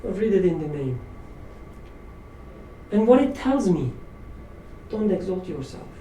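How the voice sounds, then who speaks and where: A man talks through scripture in a relaxed, thoughtful way and pokes fun at himself as he goes. His voice is soft and mellow. He sits some way off from the mic in an echoey room with a faint hum behind him. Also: sits high, a little slow. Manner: reflective, self-deprecating with light laughs. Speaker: study circle leader. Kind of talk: informal religious study talk. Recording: roomy echo, distant mic, faint room noise.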